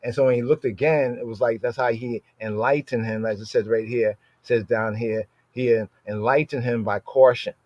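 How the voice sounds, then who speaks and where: A man explains scripture in a relaxed podcast study, checking in with "right?" over and over and slowing down whenever he quotes a verse. His voice sits in a middle range, and the recording is dry and slightly dull, like a lo-fi home setup. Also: mid-range voice, dry recording. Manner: conversational, frequent "right?" tag questions; slows down to read verses aloud. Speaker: Bible study teacher.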